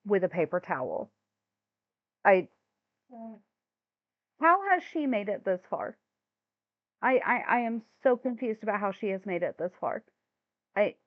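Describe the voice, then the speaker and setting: A woman's voice: mid-range voice, no echo. Exasperated woman, thin phone-like sound. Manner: exasperated, incredulous, stammers when flustered. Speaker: commentary channel host. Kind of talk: reaction commentary.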